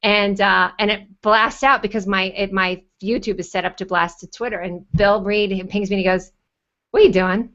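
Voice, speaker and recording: A woman on a panel, chatty and rambling, telling animated stories over a video call. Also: mid-range voice, moderate pace, hardly any pauses, dull audio. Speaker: panelist and YouTube show host. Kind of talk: casual panel chat.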